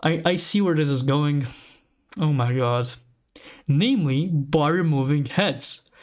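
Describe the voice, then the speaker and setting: A man's voice: a little high, a little slow. Rambling man reading map lore. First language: Italian. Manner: rambling, self-correcting, amused. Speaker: channel host. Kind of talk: casual commentary reading map lore aloud.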